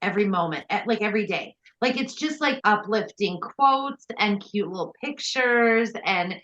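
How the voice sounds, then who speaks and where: A woman's voice: mid-range voice, expressive, normal speed, fairly bright tone, dull audio. A woman from Minnesota co-hosting a podcast, chatting casually with lots of fillers and wry asides. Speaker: podcast co-host. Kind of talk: casual chat.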